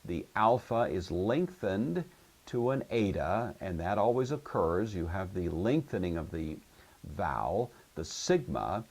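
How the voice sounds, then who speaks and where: Man, low voice, husky, patient lecturer, step-by-step grammar explanation. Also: big pitch swings, measured pace, a little mellow. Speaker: Greek teacher. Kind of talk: recorded classroom lecture.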